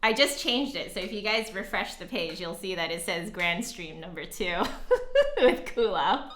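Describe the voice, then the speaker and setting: A woman's voice: on the low side, normal speed, pushed and bright. A young woman musician chatting casually with her live-stream audience, giggling often and a little out of breath. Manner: chatty, giggly, reads chat aloud. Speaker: flutist streamer.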